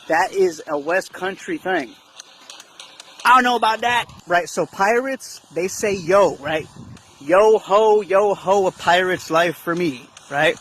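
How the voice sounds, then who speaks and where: A man's voice: sits high, fairly bright tone, a little hiss or hum, rough recording. A man hosting his channel, talking casually in a monologue, tagging lines with "right?" and mixing in slang and cursing. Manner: repeats "right?" as a tag, mixes slang and cursing. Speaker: channel host.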